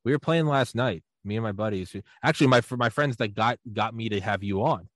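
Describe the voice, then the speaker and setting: A man hosts a podcast in a loose, profane, casual way, calling his guest "dude." His voice sits fairly low. The recording is dry and close. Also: fairly quick, a bit bright, no echo. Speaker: podcast host. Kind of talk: casual chat.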